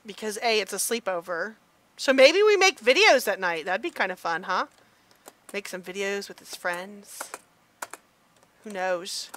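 A middle-aged mom chatting excitedly through a let's play, gasping and squealing as she goes. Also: a little high. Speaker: gamer mom playing a game.

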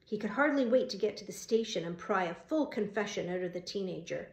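A woman reading a novel aloud as an audiobook narrator, steady and even, fixing small slips as she goes. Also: mid-range voice, brisk. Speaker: audiobook reader. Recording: roomy echo.

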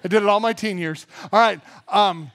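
A man's voice: high-pitched, normal speed. A man preaching a sermon at a church service, telling funny everyday stories and acting out the voices in them. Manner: animated storyteller, acts out funny everyday scenes. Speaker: pastor.

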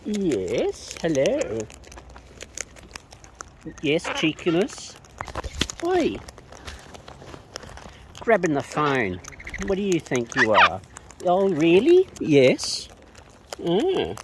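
Drawing out her words, a woman with a low-pitched voice and huge pitch swings coos and teases wild birds she feeds, leaving long pauses. This playful vlogger baby-talks at an outdoor feeding spot, and the noisy audio includes chattering birds and clicks.

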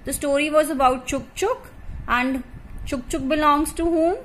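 A woman with an Indian English accent teaching a recorded class lesson to young children, asking questions and explaining slowly and clearly. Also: high-pitched, slight background noise, low-quality recording. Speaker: primary school English teacher.

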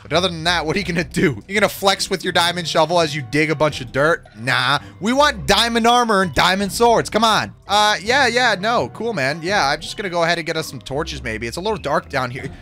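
A young man giving jokey, excitable commentary over his own video game play, reacting fast to what happens on screen. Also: high voice. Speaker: gaming YouTuber. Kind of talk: Minecraft gameplay commentary. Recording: faint music behind the voice.

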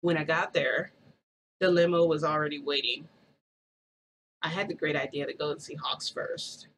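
A woman's voice: deep voice, fairly even intonation, moderate pace, fairly bright tone, a little hiss or hum, low-quality recording. A woman vlogger telling a story in a rambling, casual way, full of "like" and restarts.

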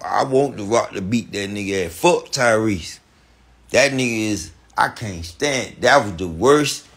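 A man telling a heated, profane story on a podcast, repeating himself and breaking into animated outbursts. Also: mid-range voice, gravelly, husky. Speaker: podcast guest.

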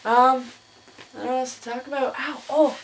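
In a casual vlog, this young woman speaks at a moderate pace with fairly even intonation. She's chatty and laughs often while telling stories to her camera, mimicking others in a higher voice.

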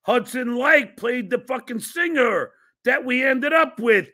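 A middle-aged man hosting a podcast, loud, excitable and profane. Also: very high-pitched, measured pace. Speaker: podcast host.

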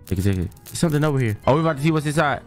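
A man narrating his horror-game playthrough in a casual, slangy way. His pitch jumps around a lot, and he breaks into frightened yells. Faint game music sits underneath. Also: animated, rapid-fire. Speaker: gaming video host. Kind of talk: casual let's-play commentary.

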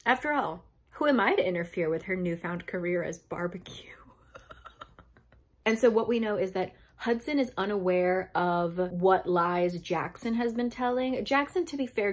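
A woman's voice: on the low side, a little mellow. A young woman chatting casually as she recaps a novel, swearing and laughing often. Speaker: book youtuber.

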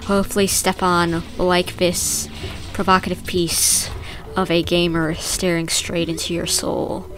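A woman with a somewhat low voice gives casual let's-play commentary. She talks in a chatty, playful way. Light game music plays behind her. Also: level tone, measured pace. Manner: chatty and playful, narrating her own moves. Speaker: gaming video host.

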